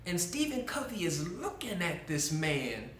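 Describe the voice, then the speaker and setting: A man's voice: high voice, very animated, measured pace, a bit bright, slight background noise. Earnest male host, roomy echo. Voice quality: earnest, with repeated restarts. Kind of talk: storytelling commentary with a preaching tone. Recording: echoey room.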